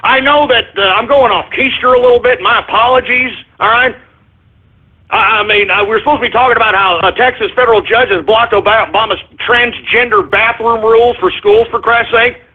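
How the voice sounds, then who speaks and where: A man's voice: very high voice, steady tone, fairly quick, husky. A man hosting a talk radio show, ranting and rambling, repeatedly asking "all right?", over a tinny phone-line sound.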